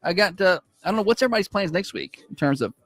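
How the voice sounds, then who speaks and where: A man co-hosting a morning radio show, chatting casually and joking with quick asides. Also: sits high, big pitch swings, a bit bright, soft background music.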